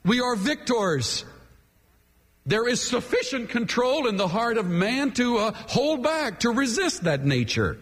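Man, pastor, sermon, sweeping animated pitch, unhurried delivery. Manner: emphatic, dramatic preaching with sweeping pitch. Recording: long hall reverb.

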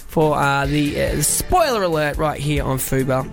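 High-voiced chatty radio host. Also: male voice, lively intonation, a little slow, gravelly, music in the background. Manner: chatty, tells anecdotes with acted quotes. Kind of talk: casual radio banter.

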